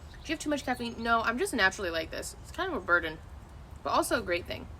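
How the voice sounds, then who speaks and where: A young woman streams outdoors, chatting casually with her viewers. Her voice is a little high and she talks fast, rambling animatedly, restarting often, and swearing freely. There's slight background noise.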